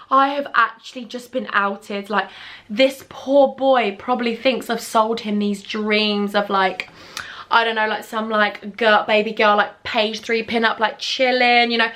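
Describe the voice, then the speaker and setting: A woman's voice: a little high, steady tone, measured pace, pushed and bright. A young woman, telling a storytime in a gushing, chatty way full of pet names. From England. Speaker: beauty vlogger. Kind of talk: casual storytime chat.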